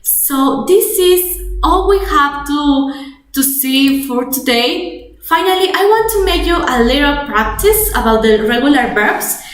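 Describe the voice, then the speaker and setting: A young woman with a Spanish accent teaches English grammar in a webinar, her voice high and her delivery slow and deliberate. She explains step by step, often restarting a phrase. The recording has a roomy echo. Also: lively intonation. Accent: Spanish-speaking. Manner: explanatory, repeats and restarts, code-switches to Spanish.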